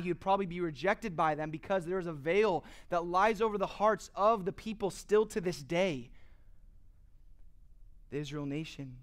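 A man's voice: fairly high pitch, clean tone. A man preaching a sermon earnestly, asking rhetorical questions and building to emphatic passages. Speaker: pastor.

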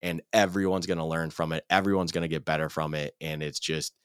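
A man's voice: very deep voice, flat delivery, fairly quick, clean tone, dry recording, studio quality. A man co-hosting a sports podcast, chatting casually and with enthusiasm. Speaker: podcast co-host.

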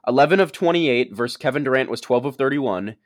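A man's voice: medium pitch, lively intonation, fast talker, no echo. A young man in a heated casual sports argument, insistent and repeating his points. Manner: insistent, reciting stats, repeats himself. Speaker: debater.

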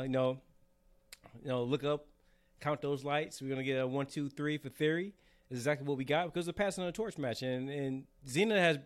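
Laid-back man joking on a podcast. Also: medium pitch. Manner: relaxed, joking, uses lots of fillers. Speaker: podcast co-host. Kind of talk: casual chat.

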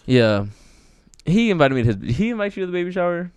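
Fast-talking, lively gossipy man. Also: high-pitched, clear, resonant tone. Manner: gossipy, slangy, animated storytelling with laughs. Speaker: podcast co-host. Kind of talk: casual chat.

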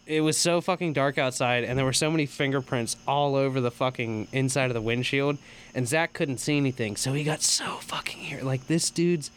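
A young man co-hosting a casual podcast, telling stories with lots of swearing and loud, high bursts of laughter. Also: fairly quick, smooth. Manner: profane, animated storytelling with loud high laughs. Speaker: podcast co-host. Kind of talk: casual storytelling chat.

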